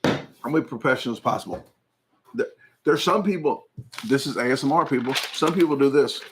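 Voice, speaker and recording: Speaking at a medium pitch and a little quickly, this man sounds expressive over a noisy background. He's chatting casually on his channel's livestream, wandering through viewer comments with plenty of jokes and frequent laughter.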